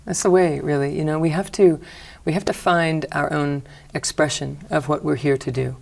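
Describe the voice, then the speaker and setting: A middle-aged woman, a healing teacher, calmly guiding a breathing exercise and talking about her work in an interview. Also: sits low, gravelly. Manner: calm, slow guiding cues. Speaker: energy healing teacher, guest. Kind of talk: guided breathing instruction and interview.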